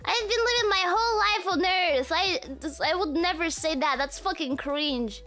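A woman streamer chatting casually on a live stream, excitable, swearing often and laughing between lines. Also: extremely high pitch, moderate pace, faint music behind. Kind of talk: casual livestream chat.

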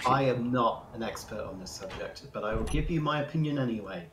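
A man's voice: mid-range voice, lively intonation, brisk. A British man joining a multiplayer game, chatting with dry, wry humour. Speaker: co-player. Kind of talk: casual gaming chat. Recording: roomy echoey mic.

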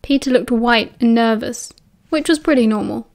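A woman with a British accent narrating an audiobook with a steady, expressive reading. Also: on the high side, normal speed.

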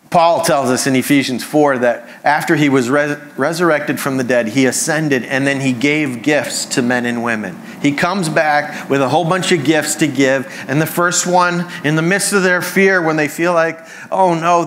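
A man's voice: fairly high pitch, fairly bright tone, slight background noise. Conversational man preaching a sermon. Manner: conversational and humorous, with quick asides. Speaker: pastor.

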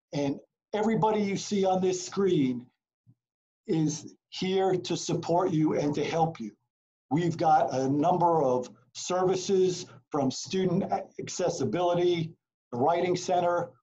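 A man speaking as a college counselor at a virtual information session, upbeat and encouraging. His voice is somewhat high for a man yet mellow in tone. The audio is dull and lo-fi, as from a video call. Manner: energetic, encouraging, rapid delivery.

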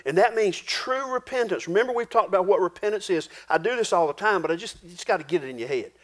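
Country preacher guy, kinda high voice, folksy sermon, gets real quiet on the serious bits. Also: expressive, quick pace. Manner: folksy, homespun preaching with rural turns of phrase; drops low and quiet for solemn points. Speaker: pastor.

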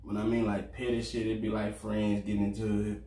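A man's voice: lowish voice, completely flat delivery, fairly quick, few pauses, dark tone, slight background noise. A man talking in an earnest, plain-spoken way in a casual couple chat over a meal. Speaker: boyfriend, co-host. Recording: echoey room, mic at a distance.

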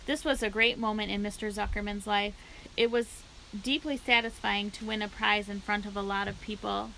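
A woman library storyteller reading a children's book aloud with steady, clear narration. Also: mid-range voice, moderate pace, slight background noise, rough recording.

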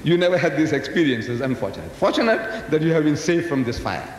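A man's voice: fairly high pitch, sing-song, fairly quick. A man, giving a religious public lecture as a storyteller who keeps asking the audience rhetorical questions. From South Africa. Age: 70s. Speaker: Muslim lecturer. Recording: echoey hall, faint noise.

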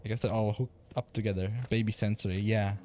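A man's voice: on the low side, little pitch movement, fairly quick, dark tone, slight background noise. A young man streaming a video game from home, rambling casually, swearing and laughing often. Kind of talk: casual gaming livestream chat.

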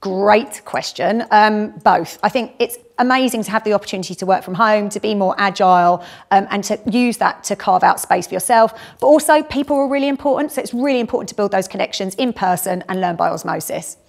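A woman's voice: mid-range voice, lively intonation, brisk, gravelly. A middle-aged woman with a South London accent, a graduate recruitment head answering interview questions in a chatty, upbeat way. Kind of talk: casual walk-and-talk interview.

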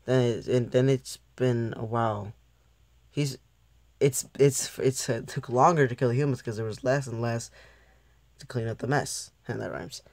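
A man's voice: mid-range voice, unhurried, vocal fry, darkish tone, no room sound. A young man giving a casual, rambling episode review who often loses his train of thought and laughs at himself. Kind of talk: casual video commentary.

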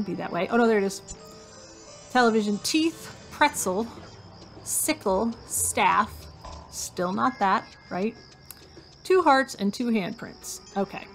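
A woman talks her way through a hidden object game, reading out what she's hunting for and cracking little jokes to herself. Her voice has a gravelly, creaky edge, and faint music plays behind her. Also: mid-range voice. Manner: chatty, reads item lists aloud, jokes to herself. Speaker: game streamer. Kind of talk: casual gameplay commentary.

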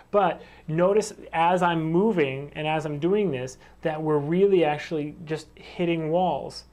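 Halting man teaching to camera. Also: on the high side, a little mellow. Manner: halting, frequent restarts and fillers. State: yawning, short of breath. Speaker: animation instructor. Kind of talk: explanatory video lesson to camera. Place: standing in a room facing a camera.

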